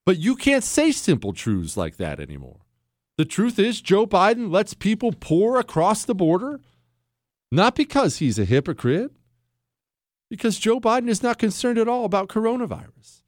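A man's voice: sits high, wildly swooping pitch, moderate pace, no echo. Male talk host, combative and teasing, voice swinging up and down, dry studio sound. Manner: emphatic, combative, teasing and repetitive. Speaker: radio talk show host. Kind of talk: opinionated monologue.

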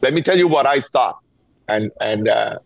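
A middle-aged Venezuelan man with a Venezuelan Spanish accent calls in as a guest on an interview, speaking as a gun violence activist. His medium-pitched, creaky voice moves at a moderate pace with lively intonation, and he talks earnestly and urgently, often repeating words to press a point. The remote line sounds dull and dry.

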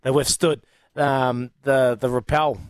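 A man's voice: medium pitch, little pitch movement, slow pace, clean tone, no room sound. A man from New Zealand with a New Zealand accent, a former rugby player chatting casually as a radio guest, enthusiastic and often restarting his sentences. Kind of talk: casual sports radio chat.

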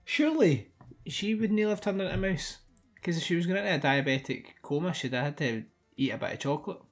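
A man's voice: on the high side, lively intonation, fast, soft background music. A man with a Scottish accent, co-hosting a podcast and riffing playfully with absurd jokes and frequent laughter. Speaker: podcast co-host. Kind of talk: casual film chat.

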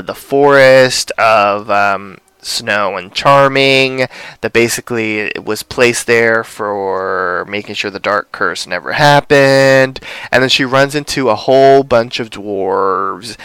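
A man casually recapping a TV episode as a podcast host, rambling with many fillers. His voice is smooth and clear, recorded dry and close. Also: medium pitch, takes it slowly, sharp tone, no room sound.

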